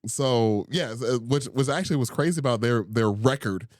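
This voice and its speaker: A man's voice: mid-range voice, moderate pace, no room sound, studio quality. A young man co-hosting a casual podcast chat. He laughs often and talks with many fillers and restarts. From Indiana, USA. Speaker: podcast co-host.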